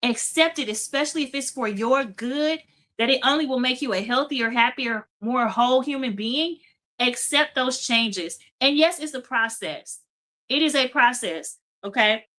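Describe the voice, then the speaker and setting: A woman's voice: high voice, normal speed, pushed and bright. A woman hosting a faith-based motivational talk show, speaking emphatically and repeating phrases for emphasis. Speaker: host.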